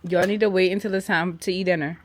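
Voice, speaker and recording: A woman's voice: fairly low pitch, fairly even intonation, quick pace, no room sound. A woman vlogger and mother in casual chat, blunt and teasing, laughing often.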